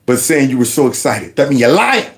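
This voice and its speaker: Brief: male host, mid-pitched, lively swooping delivery, mocking reaction commentary. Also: a little fast. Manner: mocking, laughing, animated. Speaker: channel host. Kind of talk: reaction commentary on news clips.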